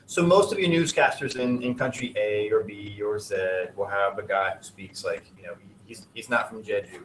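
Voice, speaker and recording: A man's voice: fairly low pitch, moderate pace, a little hiss or hum. Casual joking male teacher, echoey classroom. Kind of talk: classroom lesson.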